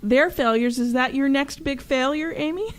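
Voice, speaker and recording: A woman's voice: sits high, moderate pace. A woman co-hosting a talk show, bubbly and enthusiastic in casual chat. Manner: bubbly and enthusiastic, laughs readily.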